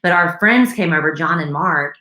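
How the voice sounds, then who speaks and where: A woman with a notably low voice, chatting casually as a podcast co-host. She teases and keeps the talk moving, and the room adds a clear echo. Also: normal speed, pushed and bright. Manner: teasing, chatty, steers the talk. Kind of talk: casual chat.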